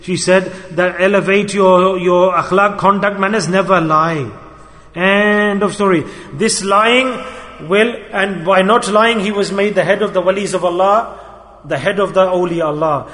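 A man preaching a sermon in a storytelling style, moving between loud emphasis and quiet asides. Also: sits high, fairly even intonation, unhurried. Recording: long hall reverb.

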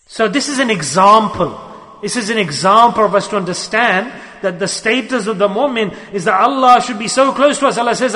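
High, bright man preaching in a hall. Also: brisk. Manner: earnest, repeats key phrases. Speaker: Sufi teacher. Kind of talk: sermon.

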